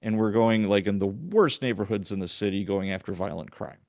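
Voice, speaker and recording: Low-voiced man telling a police story. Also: a little fast, no echo. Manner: animated storyteller, acts out quoted dialogue. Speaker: podcast host, retired police sergeant. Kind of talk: casual storytelling interview.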